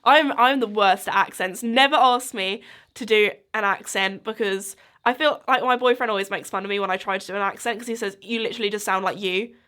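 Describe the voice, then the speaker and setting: A woman's voice: mid-range voice, fairly even intonation, brisk, a bit bright. A woman in her twenties hosting a podcast, chatting casually and rambling with lots of likes and ums. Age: 20s. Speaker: podcast host. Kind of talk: casual solo chat.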